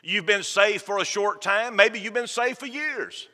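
Preacher man, fired up and folksy, sharp forceful voice echoing round a big church. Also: high voice, a little slow. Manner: fervent, folksy, joking with the congregation. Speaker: pastor. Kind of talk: sermon. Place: church sanctuary. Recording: long church reverb.

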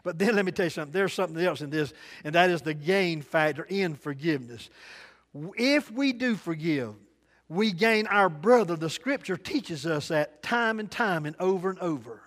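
A man preaching a sermon, telling folksy stories in dialect and shifting between loud and soft delivery. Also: a little high, animated, normal speed. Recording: long hall reverb.

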